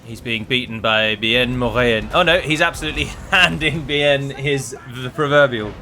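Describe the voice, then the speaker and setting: Bright-voiced man chatting through gameplay. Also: medium pitch, moderate pace. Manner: chatty, talking to his units, wry asides. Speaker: gaming video creator. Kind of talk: casual live gameplay commentary.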